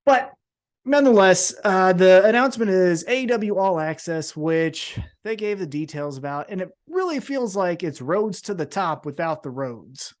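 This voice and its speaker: A man's voice: high-pitched, animated, moderate pace. A man co-hosting a wrestling podcast, ranting with heavy swearing and mocking put-on voices. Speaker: podcast co-host. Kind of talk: profane ranting wrestling chat.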